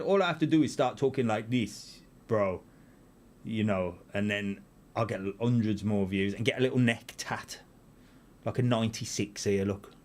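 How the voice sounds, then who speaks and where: A middle-aged man chats loosely to his live-stream viewers from a room at home. He is self-mocking and rambling, and his pitch swings high and low as he goes. His voice sits in an ordinary middle range. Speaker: YouTube channel host. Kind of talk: casual live-stream chat. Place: home room full of camera gear.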